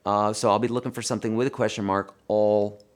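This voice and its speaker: A guitar teacher hosts a livestream lesson and Q&A, talking fast in a fairly low voice. Chatty and animated, he treats viewers like friends and reads their questions aloud.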